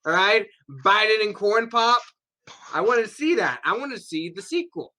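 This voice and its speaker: On a casual comedy podcast, a young co-host goes on laughing, foul-mouthed rants, loud and full of mock voices. He speaks at an ordinary pace in an expressive, high-sitting voice.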